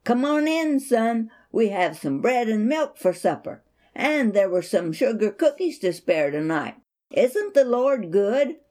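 A kind, devout mother from a storybook, voiced by a woman reader, talking in a soft, mellow, motherly way. She speaks unhurriedly and soothingly, with a calm and steady faith. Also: fairly high pitch, measured pace, voice pushed up. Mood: gentle, reassuring.

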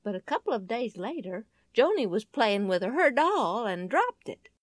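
A woman narrating a children's story in an expressive, lively storytelling manner. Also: on the high side, normal speed, no echo, studio quality.

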